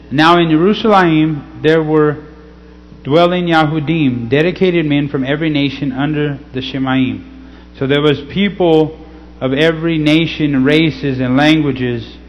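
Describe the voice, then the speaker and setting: A man reading scripture slowly and teaching in a casual way, often checking in with "okay?". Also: a little high, steady tone, faint music behind. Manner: slow, deliberate scripture reading. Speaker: pastor. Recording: slightly dull recording with faint hum.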